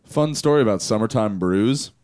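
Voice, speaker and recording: A man chatting on a podcast in a lowish voice, rambling from one story to the next and laughing along the way. The sound is dry and close, with no room around it. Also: lively intonation, moderate pace, darkish tone, smooth, dry recording. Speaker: podcast co-host. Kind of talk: casual chat.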